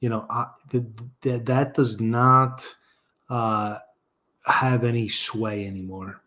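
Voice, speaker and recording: Dude on a sports podcast, emphatic, kinda rambly, normal pitch. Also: male voice, flat delivery, takes it slowly, pushed and bright. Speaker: podcast co-host. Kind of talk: casual sports podcast chat.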